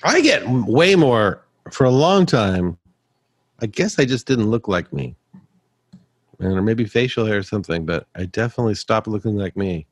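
A playful man trades jokes as a podcast co-host, his husky voice rising and falling a lot. The sound is dry and close, with no room around it. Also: on the low side, animated, no echo. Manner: playful, jokey, quick asides. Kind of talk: casual chat.

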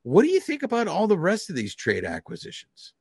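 A man's voice: high-pitched, wildly swooping pitch, a little fast, vocal fry, a little mellow, slightly rough, no room sound, clean studio sound. A man hosting a sports podcast, chatting casually and sprinkling in Spanish words. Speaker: podcast host.

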